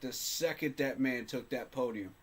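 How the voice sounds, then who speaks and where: Male fan host, mid-pitched voice, fired-up and emphatic, repeats lines for punch. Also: moderate pace, husky. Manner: passionate, emphatic, repeats phrases for effect. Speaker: sports fan channel host. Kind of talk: casual fan commentary to camera.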